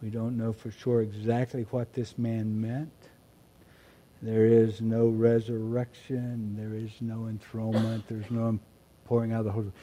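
A man preaching a sermon, moving between quiet reflective passages and loud emphatic shouts. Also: fairly low pitch, monotone, normal speed. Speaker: pastor.

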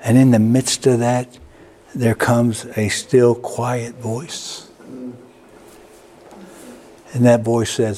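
Male pastor, sermon delivery, slow pace, storyteller with sudden lifts in pitch. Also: little pitch movement, dark tone, a little hiss or hum. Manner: storytelling preacher, repeats words, sudden rises in pitch.

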